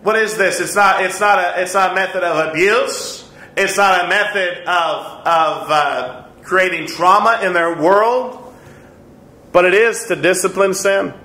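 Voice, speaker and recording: A man in his thirties teaches an adult Sunday school class, a conversational Bible lesson, in an echoey church room. His high voice is bright and forceful, his pace measured. Earnest and chatty, he repeats his points and chuckles at himself.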